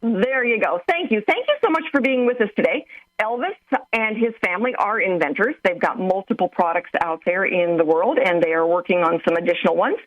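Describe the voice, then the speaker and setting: A woman's voice: medium pitch, fairly quick, no room sound, dull audio. A woman co-hosting a radio interview show, upbeat and chatty as she introduces and questions her guests. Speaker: radio co-host.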